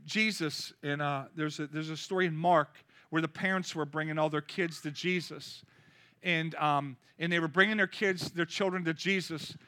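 High, bright-voiced joking male pastor. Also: normal speed. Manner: lively, joking, call-and-response. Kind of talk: sermon.

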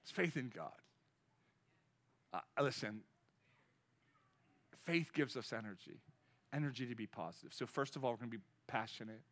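A man in his fifties preaching a sermon with energy, swinging between loud exhortation and quiet storytelling. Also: mid-range voice, moderate pace, pauses often. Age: 50s. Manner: energetic preaching, rising loud then dropping to soft storytelling. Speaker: pastor.

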